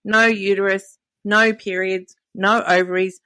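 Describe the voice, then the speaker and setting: A woman's voice: medium pitch, level tone, measured pace, pushed and bright, clean tone, no room sound. A woman in her fifties, chatting candidly on a podcast and telling stories full of quoted dialogue. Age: 50s. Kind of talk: casual podcast conversation.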